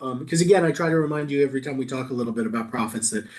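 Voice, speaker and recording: A man leading a Bible study as rabbi, reading verses aloud and riffing on them with quick jokes. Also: mid-range voice, a little mellow. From New York. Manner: playful, quick asides, reads verses then riffs. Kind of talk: casual text study, reading aloud and joking.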